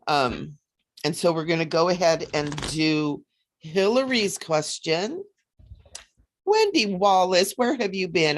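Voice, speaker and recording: A woman hosting a casual psychic livestream, chatty and animated, often laughing as she reads cards. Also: lowish voice. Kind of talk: casual livestream chat with card readings.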